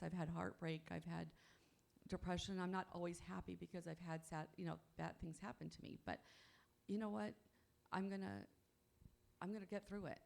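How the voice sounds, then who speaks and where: A woman's voice: on the low side, creaky, a little mellow. A woman speaking at a convention, giving an upbeat motivational talk and often asking her audience "you know what?". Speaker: conference speaker. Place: on stage at a convention.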